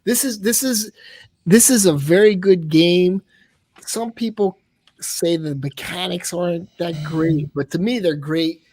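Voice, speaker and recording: A man who is a guest on a casual panel chat, talking haltingly with many restarts. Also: high voice, a little mellow, no room sound.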